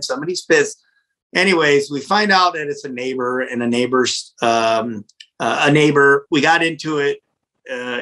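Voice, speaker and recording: A middle-aged man, a pizza restaurant owner, telling a story in a casual interview in a blunt, animated, profane way. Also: on the high side, poor audio.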